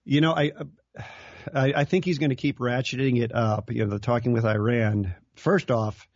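A man's voice: mid-range voice, fairly even intonation, moderate pace, no echo, highs cut off. A man chatting casually as a guest on a political radio talk show, joking and laughing often as he acts out quoted voices. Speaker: guest commentator.

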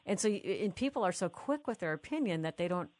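A woman's voice: mid-range voice, animated, fast, darkish tone, no room sound. A woman hosting an interview, talking casually and enthusiastically. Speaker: host. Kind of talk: casual chat.

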